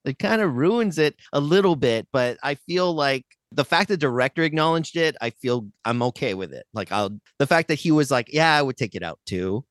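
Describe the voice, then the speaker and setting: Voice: mid-range voice, expressive, moderate pace, few pauses, no room sound, clean studio sound. A podcast host giving a blunt, profane movie review in casual chat, laughing often.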